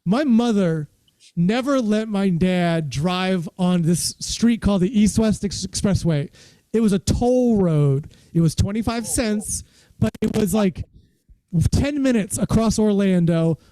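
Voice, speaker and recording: A man's voice: high-pitched, lively intonation, measured pace, mellow, dry recording, poor audio. A man who is a stand-up comedian, telling rambling, self-deprecating stories in a casual chat over a video call.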